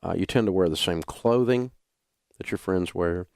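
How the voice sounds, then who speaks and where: A man's voice: low voice, moderate pace, creaky, darkish tone, no room sound, clean studio sound. Blunt older Southern man on talk radio. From Southern United States. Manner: folksy, blunt, emphatic. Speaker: radio talk show host.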